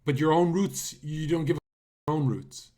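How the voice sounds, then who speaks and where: A man's voice: a little high, moderate pace, warm tone. A man live-streaming casual commentary, talking bluntly to his chat with profanity and incredulous rhetorical questions.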